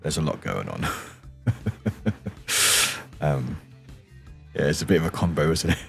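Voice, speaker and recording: Soft-spoken male streamer with a very low, deep morning voice, rambling chat at a home desk mic, faint music behind. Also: lively intonation, a little slow, creaky. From England. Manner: rambling, chatty, chuckles often.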